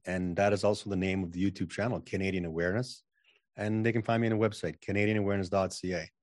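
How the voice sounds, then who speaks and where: Confident guy on an interview, kinda low voice, dry sound, keeps restarting sentences. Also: fairly even intonation, fast, darkish tone, no room sound. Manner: emphatic, self-assured, repeats words when starting sentences. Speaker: podcast guest, channeling coach. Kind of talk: casual interview talk.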